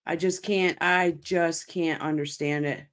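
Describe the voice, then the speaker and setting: A woman's voice: low-pitched, fairly even intonation, unhurried. A woman hosting a livestream, talking to her chat in a heated, swearing rant, angry and upset, speaking in short repeated bursts. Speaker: channel host reacting to a court case. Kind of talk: livestream commentary, reading chat.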